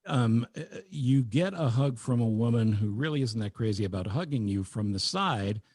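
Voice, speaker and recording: A man's voice: mid-range voice, moderate pace. A man hosting a podcast, chatting casually and joking wryly with his co-host. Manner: wry, joking, lively delivery. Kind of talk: casual chat.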